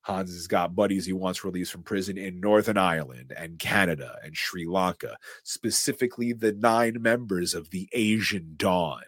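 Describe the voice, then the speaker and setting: A man hosting a podcast, recapping a movie scene by scene in an excited, chatty storytelling way. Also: low voice, normal speed, few pauses, no echo. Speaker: podcast host. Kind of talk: casual film recap chat.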